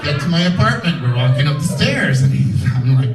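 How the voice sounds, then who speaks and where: Campy, lively comedian on a club stage. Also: male voice, on the high side, brisk, hardly any pauses, recorded from a distance, loud music behind the voice. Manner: animated, campy, loud punchlines. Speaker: stand-up comedian. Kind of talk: stand-up comedy set. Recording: echoey club heard from afar. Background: laughing crowd.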